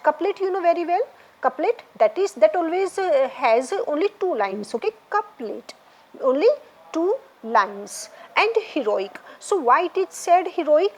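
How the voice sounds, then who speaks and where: A woman teaches a literature class, her high voice rising and falling widely as she goes. She speaks slowly and repeats each point, often pausing to ask "right?" or "okay?". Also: a little mellow, rough recording. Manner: repetitive, explanatory, checks in with "right?" and "okay?". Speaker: English literature lecturer. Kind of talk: classroom lecture.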